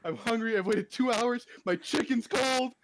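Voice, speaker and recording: A man's voice: extremely high pitch, moderate pace, a little hiss or hum. A young man ranting in casual chat as a streamer, exasperated and laughing as he tells his story.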